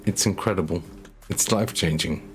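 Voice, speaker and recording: A man's voice: low voice, moderate pace. A man painting miniatures live on stream, chatting casually with his viewers in a rambling, self-mocking way with stammered repeats.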